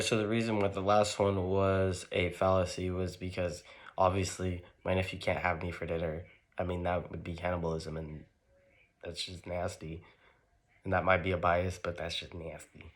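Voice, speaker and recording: A young man giving a loose, rambling lesson, leaning on "like" and restarting his sentences. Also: deep voice. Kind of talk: casual explainer lesson.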